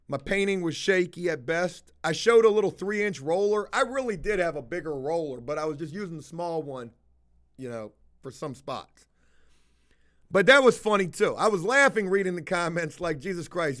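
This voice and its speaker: Profane rambling man, high voice. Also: a bit bright. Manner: rambling, profane storytelling to viewers. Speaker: house-flipping livestreamer. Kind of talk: casual livestream chat.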